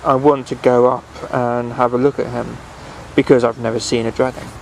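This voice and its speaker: A man reading aloud and voicing a brave, kindly little traveller who asks questions in an inquisitive, gently coaxing way. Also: mid-range voice, flat delivery, moderate pace, gravelly, slight background noise, close to an everyday voice, poor audio. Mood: curious.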